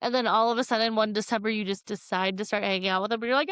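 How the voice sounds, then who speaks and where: A woman's voice: mid-range voice, steady tone, very fast, a bit bright, clean tone, no echo, clean studio sound. A woman co-hosting a podcast, chatting casually about a book and retelling the plot with acted-out quotes. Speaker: podcast co-host. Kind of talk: casual book discussion chat.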